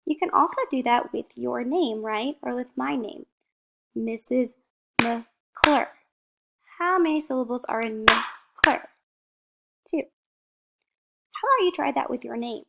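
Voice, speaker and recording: A woman teacher giving a slow, encouraging phonics lesson to young children, saying each word out clearly, asking a question and then giving the answer. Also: high voice, lively intonation, heavy background noise.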